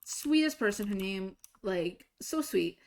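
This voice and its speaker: A young woman streaming a game, casually telling a story, swinging between exasperated, swearing outbursts and quiet asides. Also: medium pitch, expressive, measured pace. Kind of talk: casual storytelling while gaming.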